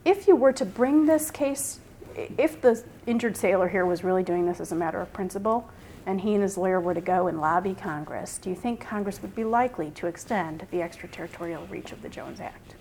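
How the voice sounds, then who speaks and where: A woman's voice: fairly low pitch, brisk, mellow, a little hiss or hum, low-quality recording. A woman in her fifties, a law professor giving a classroom lecture. She questions the class and thinks aloud, with restarts.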